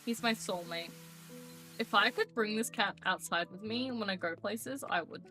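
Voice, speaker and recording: A woman's voice: mid-range voice, moderate pace, pushed and bright, soft background music. A young woman streamer chatting casually and rambling to her viewers, now and then cooing to her cat. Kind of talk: casual live-stream chat.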